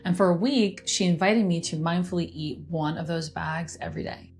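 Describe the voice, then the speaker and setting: A woman's voice: fairly low pitch, normal speed, darkish tone, soft background music. A woman talking through a weekly astrology forecast in a chatty, conversational way, acting out inner voices as she goes.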